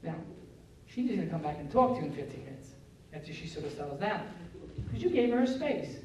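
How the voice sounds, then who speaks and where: Animated man lecturing in an echoey hall. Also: on the high side, fairly quick. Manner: animated, acts out family scenes in quoted voices. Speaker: parenting lecturer. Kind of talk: live parenting talk. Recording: roomy echo, speaker far from the mic.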